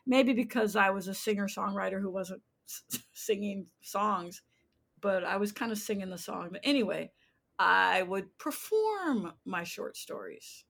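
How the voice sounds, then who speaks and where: A woman in her sixties from the United States, a playwright telling animated stories in an interview and acting out voices as she goes. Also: medium pitch, measured pace, creaky. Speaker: playwright guest. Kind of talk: interview storytelling.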